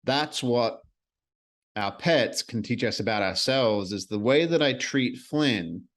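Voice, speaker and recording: A man's voice: mid-range voice, lively intonation, takes it slowly. A man hosting a solo podcast, talking earnestly and reflectively in a casual way, with the odd swear word. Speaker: podcast host.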